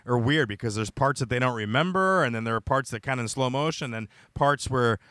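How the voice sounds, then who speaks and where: A man with an American accent hosting a comedy podcast, teasing a caller in fast, casual banter. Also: medium pitch, pushed and bright, no echo, studio quality. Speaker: podcast host. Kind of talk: casual chat.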